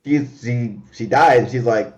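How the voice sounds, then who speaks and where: Man, casual chat, remote call, excitable, profane, full of fillers and restarts, mid-pitched voice. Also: unhurried. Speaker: podcast co-host.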